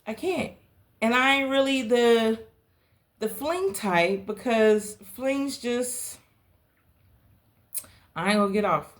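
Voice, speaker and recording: A young adult woman from the South Carolina Lowcountry, hosting a podcast and telling a personal story in a candid, animated way. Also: slow pace, pauses often. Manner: animated, candid, dramatic pitch swings. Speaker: podcast host.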